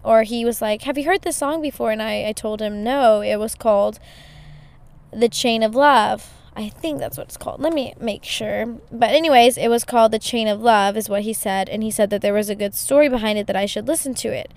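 A woman's voice: a little high, fairly even intonation, brisk, a little mellow, clear, resonant tone. A woman hosting a podcast, telling a story in a casual, chatty way with lots of "you know" fillers. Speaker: podcast host.

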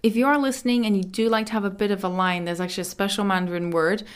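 Woman, language teacher, lesson podcast, slow careful repeats, chatty explanations. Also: medium pitch, steady tone. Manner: explains brightly, repeats Mandarin words slowly and clearly. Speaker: Mandarin teacher.

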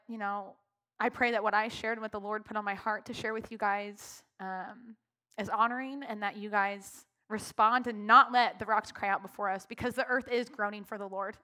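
A woman's voice: on the high side, pushed and bright. A woman leading worship in a church, talking off the cuff with emotion, often laughing, her speech full of "like.". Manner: emotional, laughing through her words, heavy use of "like". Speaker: worship leader. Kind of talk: impromptu church talk. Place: church sanctuary.

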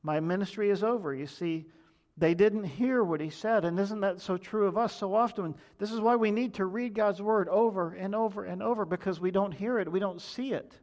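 A male pastor delivering a sermon in a voice pitched somewhat above the usual for a man. He teaches in an explanatory way and often turns to the congregation with rhetorical questions. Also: moderate pace, darkish tone.

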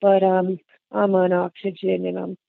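An older woman talks through memories in a chatty way, calling the listener hon and honey as she goes. Her voice is gravelly, with a worn grain to it. The sound is tinny and phone-like, close and dry with no room around it. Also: on the low side, completely flat delivery, measured pace, no room sound. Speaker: interviewee. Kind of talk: reminiscing conversation.

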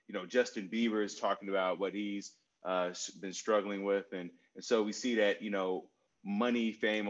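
A man in his forties answers at length in a casual conversation, drifting into personal stories and repeating his key phrases. He fills pauses with "um" and "you know". The recording sounds slightly muffled and lo-fi. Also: on the low side. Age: 40s. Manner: storytelling, repeats phrases, many fillers. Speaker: guest speaker on mental health.

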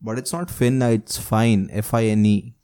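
A man's voice: on the low side, lively intonation, normal speed, warm tone. A man hosting a casual podcast, agreeing often and asking follow-up questions. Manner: agreeable, frequent affirmations, probing questions. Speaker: podcast host.

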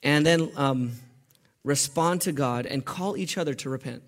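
Impassioned preacher, fairly high voice. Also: male voice, moderate pace. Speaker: pastor. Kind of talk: sermon. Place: church.

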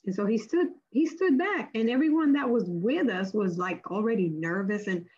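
A woman with a husky, slightly breathy voice tells a faith testimony like an animated storyteller. She leaps up in pitch whenever she acts out what someone said. The audio is a little muffled and lo-fi. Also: normal speed. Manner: acts out quoted speech with big pitch jumps. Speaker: guest sharing a testimony.

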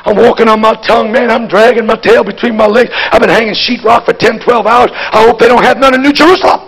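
High gravelly preacher shouting to a crowd. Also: male voice, fairly even intonation, quick pace. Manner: swings from shouting to low, tired storytelling. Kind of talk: live sermon. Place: church with congregation. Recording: live hall recording with crowd noise.

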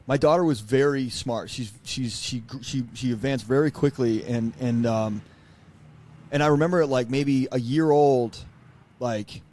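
A man's voice: mid-range voice, unhurried, a little mellow. A man in his thirties, a coach and guest, telling a candid personal story with emphasis, swearing freely and acting out his own past dialogue.

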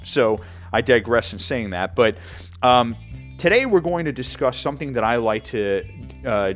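A man's voice: medium pitch, a bit bright. A man from New York hosting a mortgage show, explaining fees in a casual, conversational way with frequent fillers and asides. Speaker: mortgage podcast host. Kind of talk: casual educational talk.

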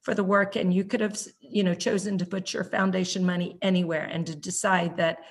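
A woman's voice: lowish voice, level tone, fairly quick. A middle-aged woman, a parent advocate, speaking earnestly and emotionally in an interview. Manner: heartfelt, emotional, grateful. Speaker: parent advocate, nonprofit leader.

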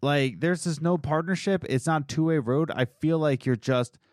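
A young man co-hosting a podcast, telling a story in casual chat with lively quoted voices. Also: a little high, normal speed, dry recording, studio quality. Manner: animated storytelling, mimics others in quotes. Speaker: podcast co-host.

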